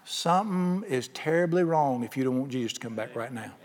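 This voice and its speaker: In a long, reverberant hall, a man gives a sermon at medium pitch, a little fast, with lively intonation. His folksy anecdotes come with dialogue he acts out on his own.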